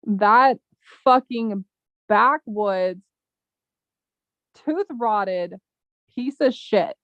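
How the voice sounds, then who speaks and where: A woman's voice: medium pitch, drawn-out words, no room sound, highs cut off. A woman hosting a casual livestream chat, talking in a rambling way with a lot of swearing. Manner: angry, profane, rambling. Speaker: chat host.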